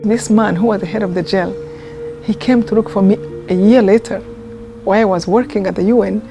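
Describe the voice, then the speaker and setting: A woman, telling a personal story in a documentary interview, earnest and heartfelt, often pausing and restarting. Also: mid-range voice, fairly even intonation, music in the background. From Rwanda. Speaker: interviewee, genocide survivor.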